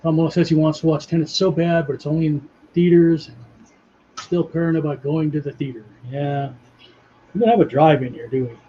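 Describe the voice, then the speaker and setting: A man hosting a casual chat while he draws, talking in a relaxed, unhurried way with a dry voice. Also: on the high side. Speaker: host. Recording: muffled lo-fi audio with faint hiss.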